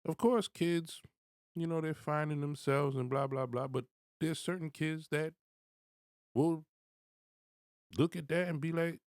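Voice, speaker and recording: A man giving blunt, profane commentary, swinging from low muttering to loud, high-pitched outbursts. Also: a little slow, pauses often, no room sound, clean studio sound. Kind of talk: ranting commentary.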